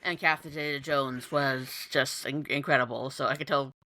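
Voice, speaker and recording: A woman's voice: very deep voice, steady tone, normal speed, sharp tone. A woman co-hosting a podcast in casual chat, talking in an enthusiastic, gushing way. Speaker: podcast co-host.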